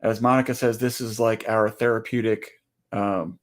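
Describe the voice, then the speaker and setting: A man's voice: fairly low pitch, flat delivery, normal speed. A middle-aged man co-hosting a casual livestream, joking and rambling with frequent restarts. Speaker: co-host of a livestream. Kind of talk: casual live chat.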